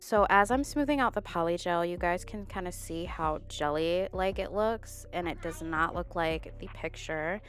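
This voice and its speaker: Young woman vlogger, congested, lowish voice, candid and chatty voice-over, faint music under. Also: normal speed, hardly any pauses. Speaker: nail art vlogger. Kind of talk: voice-over narration. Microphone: borrowed studio microphone.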